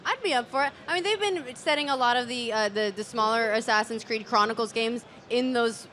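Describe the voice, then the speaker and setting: A woman co-hosting a live convention stream, playful and quick to laugh. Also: fairly high pitch, sharp tone, a little hiss or hum. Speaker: co-host. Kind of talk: casual live event chat.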